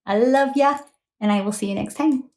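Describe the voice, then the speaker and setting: A woman in her thirties with a high voice and darkish tone speaks at a moderate pace. Late at night at home, she gives a tarot reading to her phone camera, chatty and rambling, often apologizing and laughing.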